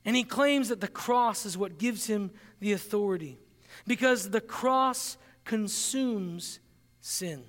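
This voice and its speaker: A man preaching a sermon as pastor, earnest and emphatic, slowing down to stress key phrases. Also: high-pitched, long reverb tail.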